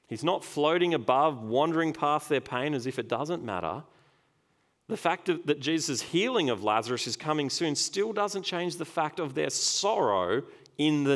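A man preaching a sermon, earnest and emphatic, slowing down to stress key phrases. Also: medium pitch.

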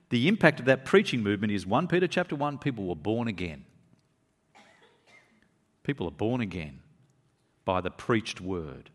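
A man preaching a sermon to his congregation, reading scripture aloud and pressing his points with quick asides. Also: long reverb tail. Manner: animated preaching, pitch rising and dropping for emphasis, quick asides. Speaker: pastor.

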